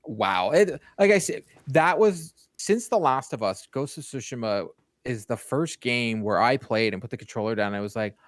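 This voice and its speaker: A man on a relaxed podcast who gets animated as he talks, tripping over his words and starting sentences again. His voice sits in a middle pitch range. The sound is close and dry, with no room around it. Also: moderate pace, dry recording. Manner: animated, stumbling restarts. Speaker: podcast co-host. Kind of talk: casual podcast chat.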